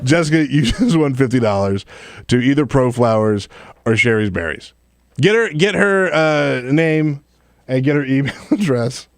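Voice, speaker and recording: A man hosting a call-in radio talk show, animated and easily amused, laughing along with his callers. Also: medium pitch, normal speed, dry recording.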